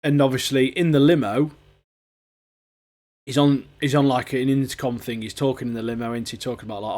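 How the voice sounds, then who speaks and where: A man co-hosting a podcast, chatting in excitable, slangy banter. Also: mid-range voice, brisk. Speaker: podcast co-host. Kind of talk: casual chat.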